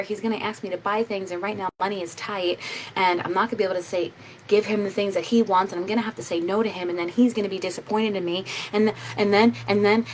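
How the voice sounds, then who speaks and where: A woman's voice: mid-range voice, a little hiss or hum, low-quality recording. A woman life coach giving a casual motivational talk to camera, earnest and encouraging, often sighing and repeating herself.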